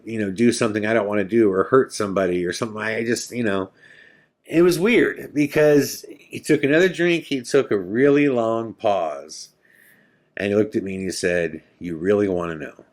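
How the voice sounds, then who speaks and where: A man hosting a podcast, telling a story in a casual, halting way, full of fillers and repeated words. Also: fairly low pitch, lively intonation. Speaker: podcast host.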